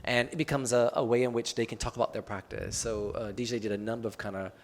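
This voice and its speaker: A man's voice: mid-range voice, fast. A man speaking on a panel at an arts event in a loose, conversational way, with many filler words. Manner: relaxed and loose, with frequent "um" and "kinda" fillers. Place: public talk at an arts event.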